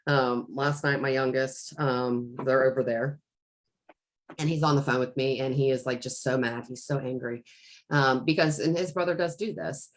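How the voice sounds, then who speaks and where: A woman's voice: very deep voice, fairly even intonation, moderate pace. A woman co-hosting a casual talk show, rambling as she retells a talk with her son. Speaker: podcast co-host. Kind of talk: casual conversation.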